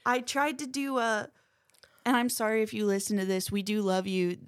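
A woman chatting casually on a podcast, soft-spoken and self-deprecating, often trailing off. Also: medium pitch, flat delivery, normal speed, clean tone. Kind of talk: casual chat.

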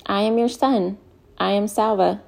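A woman's voice: mid-range voice, fairly even intonation, measured pace, vocal fry, a little mellow. A woman voicing an earnest young man, the lost son. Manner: earnest, emotional.

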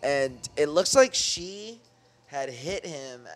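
A man's voice: fairly high pitch, expressive, takes it slowly, fairly bright tone, no room sound. A young man co-hosting a podcast in loose, rambling casual chat, full of slang and swearing. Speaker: podcast co-host.

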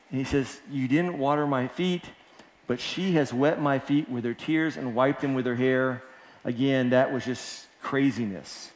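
A male pastor gives a sermon, earnest and conversational, often repeating himself. His voice sits at an ordinary middle pitch for a man. The room around him is roomy and echoing. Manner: earnest preaching with repetitions and restarts.

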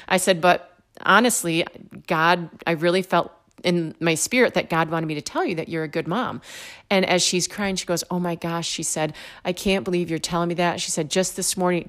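A woman telling a personal faith story with animated storytelling, acting out both sides of the dialogue. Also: on the low side, brisk.

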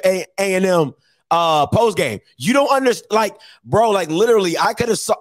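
A man with a high, lively voice hosts a call-in sports show. He is emphatic and repeats his points, sometimes breaking into a shout. The sound is dry and close. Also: no room sound. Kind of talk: animated call-in show banter.

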